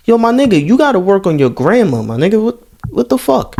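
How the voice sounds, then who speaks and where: A young man riffs through a casual reaction video in a slightly high voice. He talks loosely in profane slang and keeps circling back to the same phrases. He sounds like he is chatting straight to his viewers. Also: big pitch swings, fairly quick, vocal fry, a little mellow. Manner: loose, profane street slang, repeats himself.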